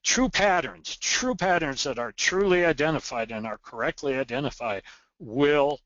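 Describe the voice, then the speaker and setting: A man's voice: on the high side, animated, moderate pace, a bit bright, no room sound, lo-fi sound. A man teaching market chart principles in a recorded lesson, earnest and emphatic, repeating the words he wants to stress, with small restarts. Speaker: trading educator.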